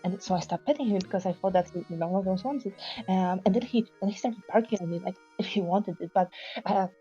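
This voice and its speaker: A woman's voice: mid-range voice, quick pace, warm tone, faint music behind. Woman, tabletop player, hesitant, rambling, dull lo-fi recording. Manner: hesitant, rambling, many restarts. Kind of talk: in-character role-play.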